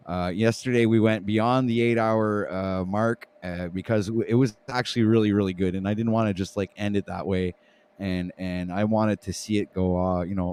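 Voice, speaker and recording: This time the Canadian livestream host's voice is low, a little mellow, and clean-toned. With his French Canadian accent, he fumbles words, restarts them often, and jokes at his own expense on the relaxed talk show.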